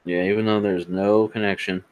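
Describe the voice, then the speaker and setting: Lower-voiced man, blunt and sarcastic. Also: flat delivery, moderate pace, clean tone, rough recording. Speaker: podcast co-host. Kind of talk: casual podcast chat.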